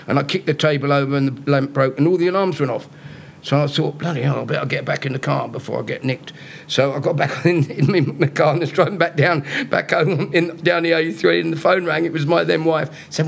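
A comedian guest with a fairly high pitch and some vocal fry talks briskly, with slight background noise. He's doing live podcast stand-up storytelling, joking, teasing the audience and laughing at himself.

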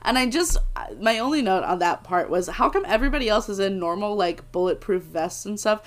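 A young woman co-hosting a podcast, casually recapping a TV episode in animated, laughing chat with some swearing. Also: mid-range voice, brisk. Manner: animated, laughs often, swears when excited. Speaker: podcast co-host, first-time watcher.

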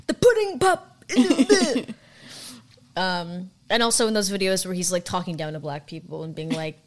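A woman's voice: lowish voice, steady tone, a little fast. A young woman co-hosting a podcast in casual chat, joking in a dry, sarcastic way. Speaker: podcast co-host.

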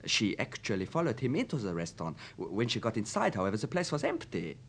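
A man's voice: on the low side, big pitch swings, quick pace, a little hiss or hum. An actor playing a hesitant, stammering young man in a radio drama. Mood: nervous. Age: young adult. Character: nervous young male student, evasive and eager.

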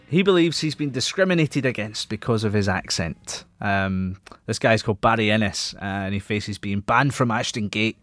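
A man hosting a casual football podcast, chatty and quick to laugh at himself. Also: medium pitch, fairly bright tone, no room sound. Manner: chatty, laughs often, self-mocking. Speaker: podcast host. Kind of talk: casual sports podcast chat.

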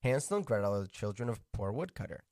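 A man's voice: lowish voice, very animated, fast talker, a little mellow, no echo, studio quality. A man co-hosting a radio show, joking around and reading a fairy tale aloud with asides. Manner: joking, easily distracted. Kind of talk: casual chat and reading a story aloud. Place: radio studio.

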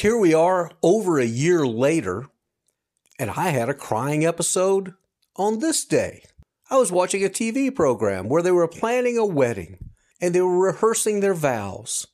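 A man's voice: on the high side, a little mellow. A man in his fifties hosting a podcast, talking earnestly and reflectively straight to his listeners in a personal monologue. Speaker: podcast host.

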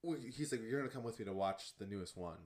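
A young man co-hosting a casual podcast, animated and laughing loudly, with the hiccups. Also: lowish voice, fast talker. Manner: animated, laughs loudly, says bro and dude. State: has the hiccups. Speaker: podcast co-host. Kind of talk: casual chat.

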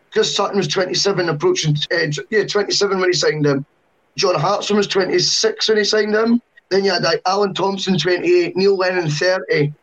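A man's voice: high voice, low-quality recording. A man co-hosting a football podcast, chatty and long-winded, full of asides. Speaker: podcast co-host. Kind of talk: casual football podcast chat.

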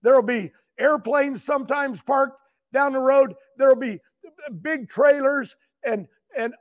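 Older guy, super high voice, rambling and stuttering through a big emotional story. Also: a little slow, muffled recording. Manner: excitable, rambling, stutters and repeats words. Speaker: guest, retired champion racer.

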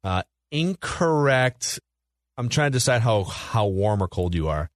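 A man's voice: mid-range voice, big pitch swings, measured pace, no echo, studio quality. A man hosting a casual movie podcast, leading the talk and quizzing his co-hosts. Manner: leads the talk, reads notes, quizzes co-hosts. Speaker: podcast host.

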